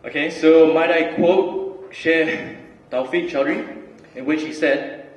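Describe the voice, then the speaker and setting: A young man giving a relaxed, chatty student talk with lots of fillers and restarts. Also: on the high side, slow, few pauses. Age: young adult. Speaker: student speaker. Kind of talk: casual student talk and spoken word. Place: large hall. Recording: roomy hall recording from far off.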